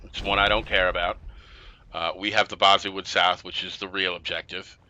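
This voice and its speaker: A man's voice: low-pitched, flat delivery, fairly quick, bright, forceful tone, slight background noise, poor audio. A man giving casual, chatty commentary on a strategy game he is playing, with exasperated, sarcastic asides. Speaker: gameplay commentator.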